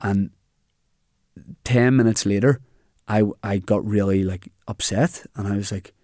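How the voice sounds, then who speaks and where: A man's voice: lowish voice, unhurried, no echo, clean studio sound. Northern Irish man telling a story. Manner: animated anecdote telling with quoted dialogue. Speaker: comedian guest. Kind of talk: casual storytelling chat.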